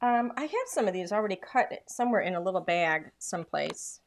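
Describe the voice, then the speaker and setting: A woman's voice: lowish voice, a little fast, a little hiss or hum. A woman demonstrating craft products in a casual, chatty way, full of enthusiasm and filler words.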